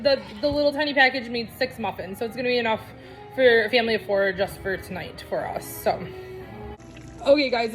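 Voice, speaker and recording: A middle-aged woman chatting casually to viewers while cooking in her home kitchen. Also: fairly high pitch. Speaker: cooking vlogger.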